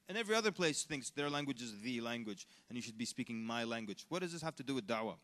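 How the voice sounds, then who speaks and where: A man preaching at a convention, telling funny stories and putting on quick mock voices. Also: medium pitch. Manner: animated storyteller, jokes and mock voices, laughs. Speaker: Islamic preacher. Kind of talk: lively convention talk with acted quotes. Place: large convention hall. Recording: long hall reverb.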